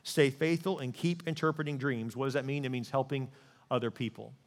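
A male pastor preaching a sermon in a lively way, often putting questions to his listeners. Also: medium pitch, a little fast, big-room sound. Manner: animated preaching, asks the crowd questions.

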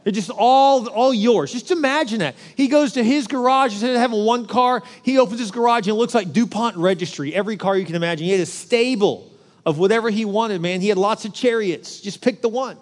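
High-voiced pastor guy preaching, jokey and chatty, lots of hall echo. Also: fairly quick. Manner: joking, conversational preaching with asides to the crowd. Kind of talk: sermon.

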